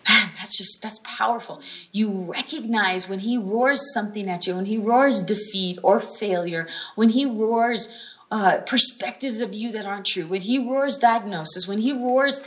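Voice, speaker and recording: A woman's voice: medium pitch, unhurried, fairly bright tone. A woman delivers a teaching sermon in a conversational, storytelling way. She drives points home by repeating phrases and often restarts her sentences as she goes. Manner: frequent restarts and brief laughs. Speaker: healing school teacher.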